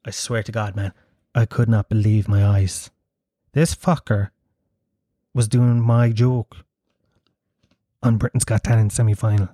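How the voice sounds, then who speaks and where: A man's voice: medium pitch, unhurried, long pauses, no echo, clean studio sound. A man, a stand-up comedian, telling a profane, self-mocking story in casual chat that builds to punchlines.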